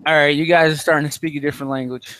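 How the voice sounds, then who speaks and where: Guy on a stream chat asking what stuff means, slightly high voice, dry close sound. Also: steady tone, rapid-fire, a bit bright, clear, resonant tone, dry recording, low-quality recording. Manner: curious, asks plain questions. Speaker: chat guest. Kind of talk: casual live-stream chat.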